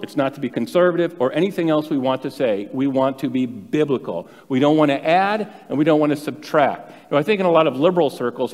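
A man's voice: mid-range voice, a little mellow. A male pastor preaching a sermon, telling stories in a conversational way with self-deprecating asides. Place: church sanctuary. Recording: long hall reverb.

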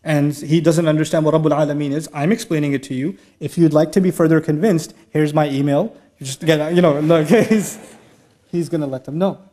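A middle-aged man giving a lively, humorous lecture to a live audience in a large mosque hall, telling stories with jokes and laughs. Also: on the high side, brisk. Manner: animated storytelling with humor and laughs. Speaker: speaker giving an Islamic talk.

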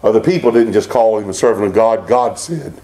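A pastor preaching a Baptist sermon, rising into emphatic bursts and reading scripture aloud. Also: male voice, on the low side, a little fast, mellow.

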